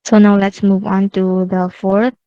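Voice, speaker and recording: A young woman with a Waray Filipino accent teaches a class over a video call, moving between English and Waray. She keeps her pitch fairly level and often stops to question her students. The sound is dull and dry, from a laptop mic. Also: little pitch movement, unhurried, mellow, clear, resonant tone, dry recording. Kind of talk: online class lecture.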